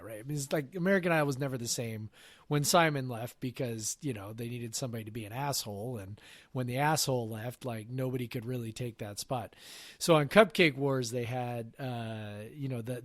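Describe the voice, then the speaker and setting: Man, podcast co-host, rambling casual chat, middle pitch, dry close sound. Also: dry recording. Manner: rambling, lots of fillers, puts on silly voices for impressions.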